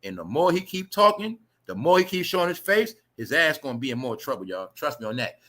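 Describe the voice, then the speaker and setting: A livestream host, a man, ranting loudly and profanely to his chat, animated and talking straight to viewers. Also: a little high, brisk. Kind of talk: ranting celebrity gossip commentary.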